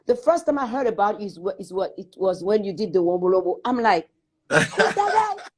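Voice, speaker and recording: A woman's voice: medium pitch, quick pace. An older woman, chatting animatedly in an interview and acting out little quotes as she tells stories. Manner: expressive storytelling with acted-out quotes and laughter. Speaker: singer in conversation. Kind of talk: animated casual conversation.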